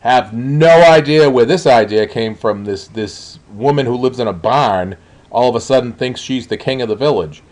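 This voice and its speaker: A man's voice: medium pitch, normal speed, a little mellow. A man reviewing a show in a blunt, exasperated way, with frequent ums and uhs. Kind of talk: spoken review.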